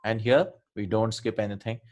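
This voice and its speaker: A man's voice: lowish voice, moderate pace, darkish tone. A man teaching a revision lesson on Arabic letters and pronunciation, explaining step by step and often checking in with his students.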